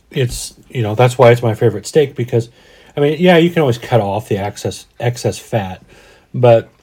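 This is a man in his forties, originally from Denver, chatting on a podcast. His voice is dark and mellow, sitting at an ordinary pitch. He wanders through his thoughts and restarts his sentences as he goes. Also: breathy edge. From Denver, USA. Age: 40s. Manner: rambling, restarts often, reflective. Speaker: podcast co-host. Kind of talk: casual chat.

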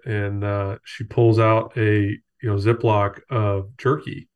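A man's voice: fairly low pitch, fairly even intonation, measured pace, lo-fi sound. A man chatting casually, telling anecdotes in an easygoing way with many ums and uhs. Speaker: outdoorsman in conversation. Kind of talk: casual conversation.

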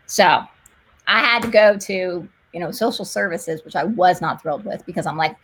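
A woman, a missionary nurse and guest, telling faith stories in conversation, animated and fervent, laughing often. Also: medium pitch, normal speed, slightly rough. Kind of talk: emotional faith storytelling in conversation.

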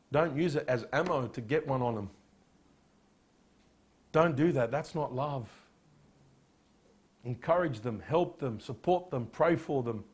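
Husky-voiced male pastor preaching. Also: a little high. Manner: animated preaching, rhetorical questions, drops quiet on solemn points. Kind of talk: sermon.

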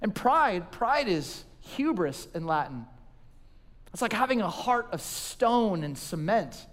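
Pastor in his forties, high voice, animated storyteller, church-hall reverb. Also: takes it slowly. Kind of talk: sermon.

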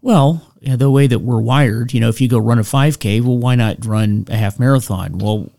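A man's voice: mid-range voice, moderate pace, gravelly, dark tone. A man hosting a podcast interview, telling stories in a self-deprecating way, laughing often and restarting his sentences. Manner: frequent restarts and "you know". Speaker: podcast host. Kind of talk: casual storytelling interview.

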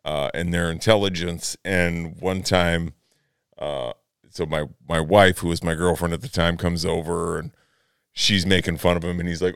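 Low smooth guy cohosting a podcast, laid-back, swears a lot, dry close mic. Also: flat delivery, moderate pace, fairly bright tone, dry recording. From United States. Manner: laid-back, swears freely, laughs often. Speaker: podcast co-host. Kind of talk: casual chat.

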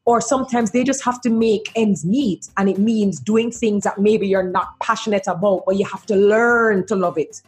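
A woman's voice: medium pitch, normal speed, hardly any pauses, soft background music. A woman hosting an interview, chatty and full of fillers as she asks questions. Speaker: interview host. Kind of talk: conversational interview.

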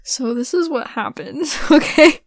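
A young woman hosting a podcast, telling a rambling story in a casual way, her voice hoarse and giving out, with lots of giggles and fillers. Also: sits high, expressive, unhurried, dry recording. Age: young adult. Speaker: podcast host.

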